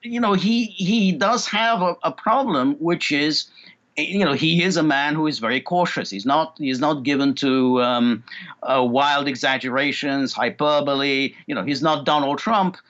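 A man, a guest analyst in a political interview, speaking haltingly with many fillers and repeats. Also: a little high, a bit bright, dull audio.

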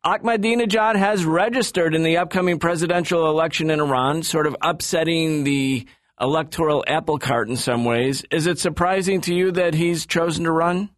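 A man hosting a political radio talk show, asking questions in a measured, deliberate way. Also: a little high, dry recording, clean studio sound.

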